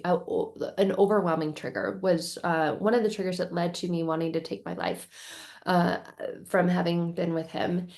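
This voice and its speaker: A woman's voice: on the low side, a little mellow. A woman vlogger telling a painful personal story candidly, in an emotional, rambling way with many restarts.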